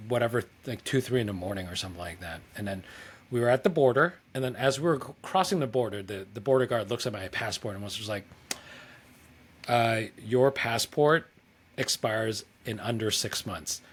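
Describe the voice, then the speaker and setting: A man's voice: fairly low pitch, expressive, fast talker, husky. Rambling young man telling a travel story. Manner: rambling, lots of "like", acts out quoted dialogue. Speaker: podcast co-host. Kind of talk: casual storytelling chat.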